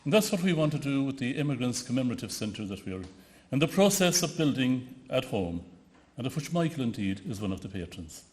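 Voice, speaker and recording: A man's voice: medium pitch, very animated, fairly quick. Irish guy from connemara giving a rambling storytelling tribute, lots of restarts and uhs. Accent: West of Ireland, Connemara. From Ireland. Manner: storytelling with frequent restarts and hesitations. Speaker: award ceremony speaker. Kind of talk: anecdotal tribute speech.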